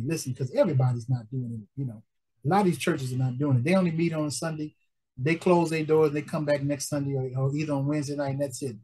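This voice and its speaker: A middle-aged man preaching with a high voice. He pleads with his listeners and repeats his lines, breaking in with "amen" and "praise God" as he goes. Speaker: pastor. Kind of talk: preaching appeal for support.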